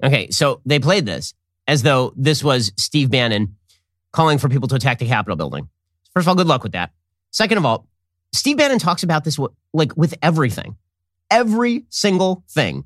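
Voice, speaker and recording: A man hosting opinionated political commentary, sarcastic and rapid-fire. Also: on the high side, very animated, a bit bright, dry recording, studio quality.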